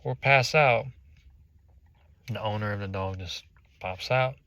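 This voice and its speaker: A man's voice: lowish voice, a little slow, dry recording. A man telling a motivational story in the second person and acting out the scenes with animation. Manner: animated, acts out scenes vividly. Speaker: motivational speaker.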